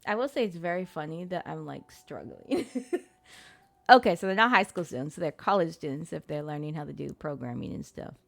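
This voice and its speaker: A young adult woman streamer plays a game and narrates it on her streaming mic, chatting casually, swearing, and laughing at her own struggles. Her low, gravelly voice has lively intonation and a slightly fast pace. The recording is dry.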